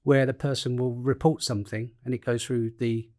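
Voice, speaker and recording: A man's voice: medium pitch, level tone, moderate pace, a little mellow. A man, a professor, explaining technology through everyday comparisons, often restarting his sentences. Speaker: professor and guest expert. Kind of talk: podcast interview.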